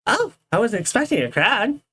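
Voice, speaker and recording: A woman's voice: on the high side, big pitch swings, normal speed, fairly bright tone, breathy edge, full character voice. A woman voicing a cheeky, smug female rabbit animatronic who teases the others. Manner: teasing, smug.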